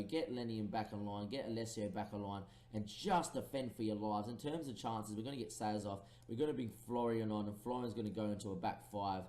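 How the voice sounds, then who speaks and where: A young man commentating live on a football management game, lively play-by-play with excited bursts and pleading. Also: medium pitch, reverberant. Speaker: gaming commentator.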